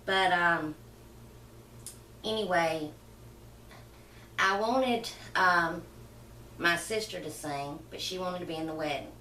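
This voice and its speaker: A middle-aged woman, rambling softly through an emotional personal story for her channel. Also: fairly low pitch, slow, pauses often, a little hiss or hum. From Southern United States. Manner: rambling, soft-spoken, emotional reminiscing. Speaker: vlogger. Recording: roomy and far from the mic.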